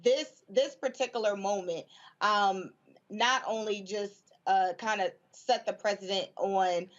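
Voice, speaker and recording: A woman guest on a news talk panel who speaks haltingly with many fillers and restarts, with feeling. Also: medium pitch, lo-fi sound. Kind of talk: news talk show discussion.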